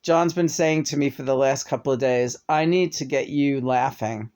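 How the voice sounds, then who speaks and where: A woman's voice: a bass voice, normal speed, darkish tone. A woman co-hosting a casual couple's chat show, talking candidly and chattily and swearing freely.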